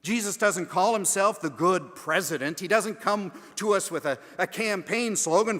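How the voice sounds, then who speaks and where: A man preaching a sermon, moving from hushed, almost whispered lines to loud emphatic declarations. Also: sits high, unhurried, few pauses. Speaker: pastor. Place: large church sanctuary. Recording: long echo of a large church sanctuary.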